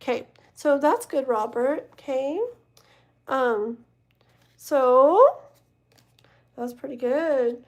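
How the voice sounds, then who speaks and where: Chatty woman with a gravelly voice. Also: high voice, unhurried, darkish tone. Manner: casual, chatty, many fillers like "like" and "okay?". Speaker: tarot reader. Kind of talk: live-stream tarot reading and chat.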